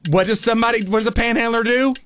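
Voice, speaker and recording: A man co-hosting a radio word game, halting and searching for words as he gives clues. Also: very high-pitched, fairly even intonation, fairly bright tone. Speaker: radio show co-host.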